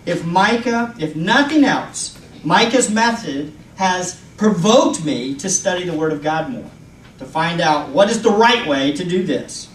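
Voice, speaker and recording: A man argues a point of scripture in an outdoor public debate, with an earnest sermon cadence that rises to emphatic and sinks to hushed. His high voice moves at a slow, deliberate pace. He sounds far from the mic, with echo and faint background noise. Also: animated. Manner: earnest and deliberate, moving between raised and hushed tones. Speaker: preacher in a debate.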